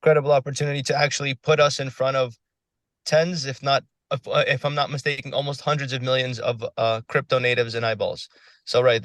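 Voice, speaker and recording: Fast-talking man presenting over a phone on a call, dry close sound. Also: mid-range voice, a bit bright, no echo. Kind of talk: casual presentation.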